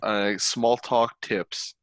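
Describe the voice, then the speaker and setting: A man in a casual book club chat who speaks haltingly, searching for his words. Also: fairly low pitch, fairly even intonation, a bit bright, dry recording.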